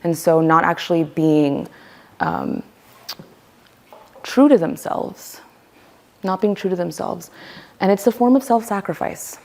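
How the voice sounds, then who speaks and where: A woman teaching a voice workshop, lively and playful, acting out the voices she quotes. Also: on the low side, unhurried, vocal fry, long pauses. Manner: animated, acts out quoted voices. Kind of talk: workshop lecture.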